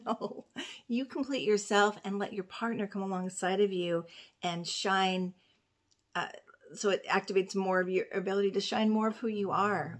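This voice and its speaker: Woman astrologer, middle-aged, mid-pitched, earnest slow guidance talk. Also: a little hiss or hum. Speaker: astrologer and coach. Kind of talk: intuitive guidance talk to camera.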